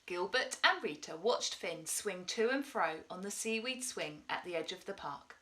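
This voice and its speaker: Woman teacher reading aloud to kids, bright and lively, highish voice. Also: moderate pace, hardly any pauses. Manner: expressive, animated reading. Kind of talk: storybook read-aloud.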